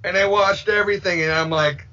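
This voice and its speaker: A man's voice: sits high, fairly even intonation, a little fast, sharp tone. A man guesting on a podcast, rambling casually and acting out the voices he quotes. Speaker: filmmaker guest. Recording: dull lo-fi sound.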